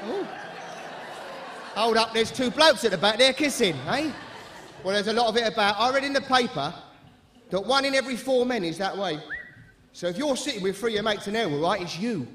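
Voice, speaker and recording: A man's voice: sits high, lively intonation, normal speed, pauses often, a bit bright, a faint crowd, slight background noise. A man performing a brash compere's music-hall patter on stage. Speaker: stage actor playing a club compere. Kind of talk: live stage comedy performance.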